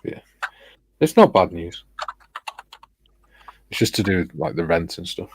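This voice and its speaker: A man hosting a casual livestream chat who reads viewer comments aloud in a relaxed way. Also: sits low, unhurried, noisy background. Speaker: stream host.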